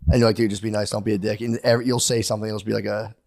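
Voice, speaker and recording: A man's voice: on the low side, little pitch movement, rapid-fire, gravelly, darkish tone, no echo, clean studio sound. A man in his thirties co-hosting a podcast, rambling through stories and acting out what people said, swearing freely. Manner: rambling, acts out quoted voices, swears freely. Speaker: podcast co-host. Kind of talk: casual comedic chat.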